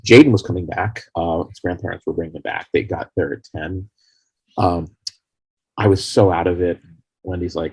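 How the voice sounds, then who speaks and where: A man being interviewed as a guest, telling long rambling stories about making his film in a casual, animated way. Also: deep voice, moderate pace, breathy edge, no room sound. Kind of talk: casual anecdotal storytelling.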